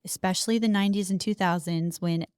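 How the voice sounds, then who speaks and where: A woman's voice: lowish voice, steady tone, fast talker, a little mellow, clean tone, no echo, studio quality. A woman co-hosting a casual podcast, reading history notes aloud with chatty asides. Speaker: podcast co-host.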